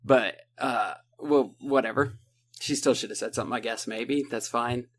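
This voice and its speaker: A man with a lilt talks through a book plot in loose, casual podcast style. He rambles and piles on sarcasm, slipping into short impressions of the characters, all at an average pitch. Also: a little hiss or hum. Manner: rambling, sarcastic, acts out characters in quick asides. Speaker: podcast co-host.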